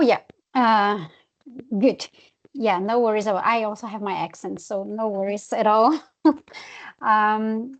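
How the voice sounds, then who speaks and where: A woman presenter answering a question in a webinar, measured and explanatory. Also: fairly high pitch. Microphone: video call.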